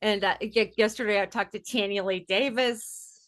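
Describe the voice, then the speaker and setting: A woman in her fifties hosting a podcast, trading quick jokes and laughing often in casual chat. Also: mid-range voice, steady tone, fairly bright tone. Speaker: podcast host.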